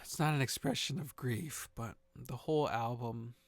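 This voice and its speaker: A man reviewing his own songs in casual spoken commentary, talking in a halting, reflective way with frequent nervous laughs and the odd casual swear. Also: mid-range voice, vocal fry, no echo.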